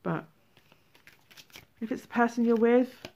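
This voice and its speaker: A woman giving a tarot reading, animated, exclaiming and acting out feelings. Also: fairly high pitch, measured pace, highs cut off, a little hiss or hum. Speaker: tarot reader.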